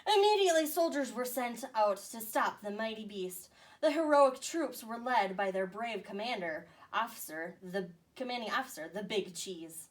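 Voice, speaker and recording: A woman teacher reading a picture book aloud to young children with expressive storytelling. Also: medium pitch, moderate pace. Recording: voice a bit far from the mic.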